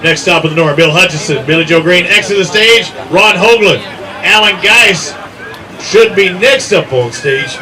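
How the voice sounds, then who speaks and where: Crowd chatter fills the noisy background as this high-pitched man, in his sixties, speaks at normal speed. He's the emcee at an outdoor fishing weigh-in, bantering with the anglers while announcing their names and catch weights.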